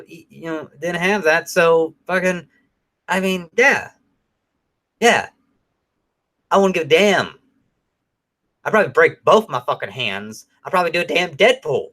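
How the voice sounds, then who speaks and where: A middle-aged man co-hosting a show, chatting casually and telling stories in a rambling, profane way. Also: medium pitch. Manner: profane, rambling, animated storytelling. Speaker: podcast co-host.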